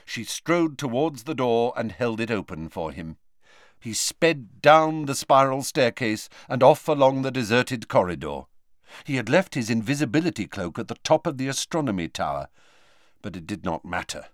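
An audiobook narrator reads a novel in a measured, expressive storytelling style. His mid-range voice is recorded at studio quality with no room sound.

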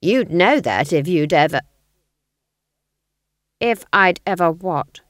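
A woman reading the part of a stern, proud old female witch, speaking flatly with clipped, cutting lines. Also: fairly low pitch, slow pace, dry recording, studio quality.

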